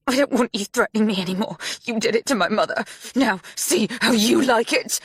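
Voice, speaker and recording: A woman's voice: high voice, steady tone, moderate pace, a bit bright, dry recording, clean studio sound, pitched above the performer's own voice. A woman doing Sadie, a cold vengeful young woman. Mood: cold, cruel. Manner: cold and insistent.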